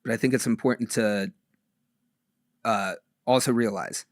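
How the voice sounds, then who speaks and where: Low-voiced, measured male interview guest. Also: no room sound, studio quality. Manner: measured, with many ums and restarts. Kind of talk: interview answers.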